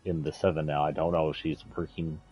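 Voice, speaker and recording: Husky-voiced man rambling as a gamer. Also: rumbling low, level tone, a little fast, darkish tone, faint music behind. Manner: rambling, offhand, swears. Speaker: game streamer. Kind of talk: casual chat while streaming a game. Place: indoors, playing a video game.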